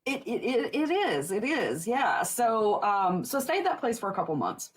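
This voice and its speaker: A woman's voice: a little high, very animated, normal speed, husky. A woman in her forties, a podcast guest telling stories casually, rambling with frequent laughs and restarts. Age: 40s. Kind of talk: casual interview storytelling.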